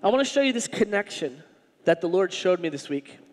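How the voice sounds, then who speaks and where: A male pastor preaching a sermon in an animated, humorous, conversational way. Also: high voice, brisk, big-room sound.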